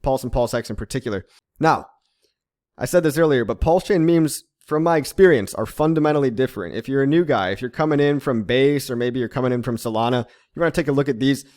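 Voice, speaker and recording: A man's voice: medium pitch, fast talker, a little mellow. Chatty man explaining crypto casually. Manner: chatty, tag questions like okay and right, laughs at his own jokes. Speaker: crypto channel host.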